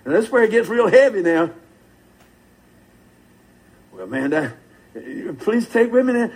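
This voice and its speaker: A man's voice: sits high, big pitch swings, a little slow, pauses often, a little mellow, slightly rough, low-quality recording. An older man preaching a sermon in a fervent, folksy way, calling out to the congregation.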